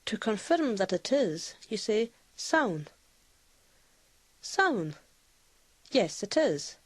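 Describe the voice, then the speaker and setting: A woman's voice: mid-range voice, very animated, unhurried, a little mellow, husky, dry recording. A woman narrating a scripted language lesson, explaining phrases and repeating each example. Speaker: language teacher.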